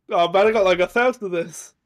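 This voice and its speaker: A man chatting casually with friends over a game, giggling often and repeating a silly running gag. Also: high voice. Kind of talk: casual gaming chat with friends.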